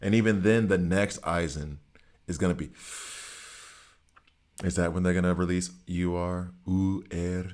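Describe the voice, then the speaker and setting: A man's voice: low-pitched, steady tone, measured pace, long pauses, darkish tone. A middle-aged man chatting casually on a game live stream, teasing his chat and reacting to gameplay. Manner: chatty, teasing chat readers, talks to viewers while playing. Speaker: gaming streamer.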